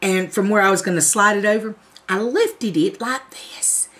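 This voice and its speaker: A woman's voice: mid-range voice, normal speed, a bit bright. A woman, telling a profane, comic story to her viewers in a casual vlog. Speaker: vlogger.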